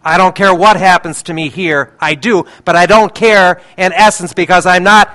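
An older man preaching a sermon in an emotional, pleading way, slowing down to stress key words. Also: high voice, fairly even intonation, pushed and bright. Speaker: pastor.

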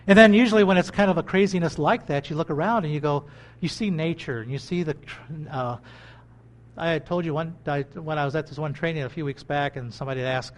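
Animated high-voiced man preaching. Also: quick pace. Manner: animated, swings between loud bursts and quiet asides. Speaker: pastor. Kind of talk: sermon. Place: country church.

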